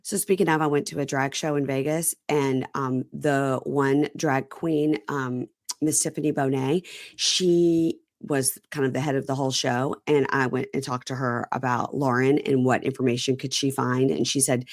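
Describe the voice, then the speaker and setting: A woman from Mississippi hosting a casual chat, animated and mimicking the people she quotes. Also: very deep voice, moderate pace, no echo, clean studio sound. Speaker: podcast host. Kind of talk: casual chat recapping reality TV.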